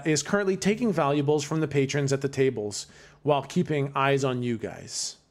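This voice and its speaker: A man's voice: mid-range voice, a little mellow. A man narrating as game master in a casual way, laughing and filling with restarts.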